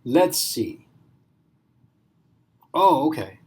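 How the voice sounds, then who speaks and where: Male math teacher, relaxed classroom lecture, thinks aloud and checks in with students often. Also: medium pitch, extremely slow, slightly rough. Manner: casual, thinks aloud, asks the class questions.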